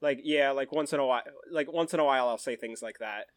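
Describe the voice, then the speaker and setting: A man with a middle-pitched voice who talks in a relaxed, rambling way and often mocks himself. He is heard up close, with a dry sound. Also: fast, dry recording. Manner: laid-back, rambling, self-mocking. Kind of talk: casual chat.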